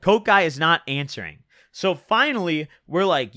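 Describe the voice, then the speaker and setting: Young male vlogger, casual storytime, bright lively voice, dry close recording. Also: on the high side, normal speed, no room sound. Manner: rambling slangy storytelling with many fillers.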